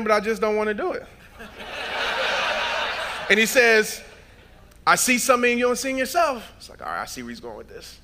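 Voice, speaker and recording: A man in his thirties giving a motivational keynote speech on stage, telling stories with acted-out dialogue and building up to shouted points. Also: extremely high pitch, a little hiss or hum. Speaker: motivational speaker. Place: large event hall.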